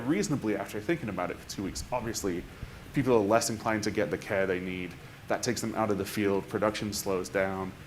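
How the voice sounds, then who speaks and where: A man's voice: on the low side, a little hiss or hum. A man speaking on a conference panel, thinking aloud with restarts and tag questions. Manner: thinking aloud with frequent restarts and "right?" tags.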